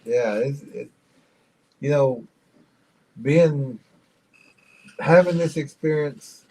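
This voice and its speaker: A man co-hosting a reaction video, calmly retelling and explaining a story in casual commentary. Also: mid-range voice, drawn-out words, rough recording.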